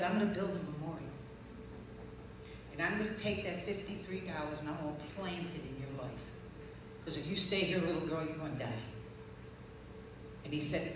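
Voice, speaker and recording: A woman preacher giving her testimony in a somewhat low voice, acting out the people in her story and building to loud, fervent peaks. She is heard from a distance in a very echoey hall with clear background noise. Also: fairly quick. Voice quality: distinctive voice. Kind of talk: testimony sermon.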